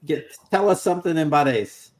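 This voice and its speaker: Relaxed man hosting a panel. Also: fairly high pitch, brisk. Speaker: host. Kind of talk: hosting a casual panel chat.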